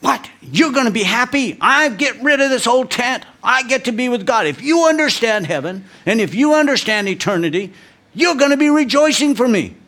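A man's voice: extremely high pitch, expressive, moderate pace, bright, forceful tone, pitched above the performer's own voice, full character voice. A man putting on his feisty mother in her eighties, insisting and scolding. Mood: fiercely rejoicing. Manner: insistent, jabbing.

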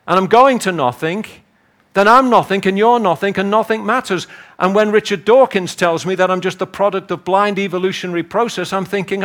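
A man with a Liverpool accent preaching a sermon, acting out the people in his stories and building to emphatic peaks. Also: sits high. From northern England. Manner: animated, acts out voices, rises to emphatic peaks.

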